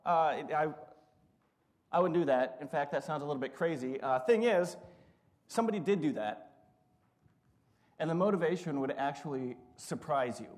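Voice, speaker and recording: A man's voice: on the high side, a little mellow. A middle-aged man preaching a sermon, telling funny stories and acting out what people said. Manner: storytelling, humorous, acts out quotes. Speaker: pastor.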